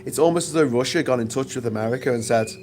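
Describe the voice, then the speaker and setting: A man's voice: medium pitch, very fast, a little mellow, slight background noise. A British man vlogging outdoors on a sunny island, giving a blunt, profane, sarcastic opinion rant.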